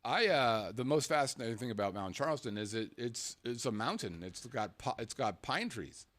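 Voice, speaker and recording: A man's voice: mid-range voice, lively intonation, moderate pace, a bit bright. A man hosting a casual talk show, rambling along and often stumbling and repeating words. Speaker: podcast host.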